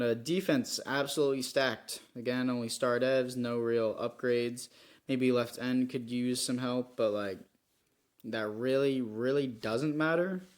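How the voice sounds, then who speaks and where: A man's voice: mid-range voice, a little mellow. A young man giving rambling, self-critical commentary over a football video game, with frustrated outbursts. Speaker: gaming YouTuber. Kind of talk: gameplay commentary.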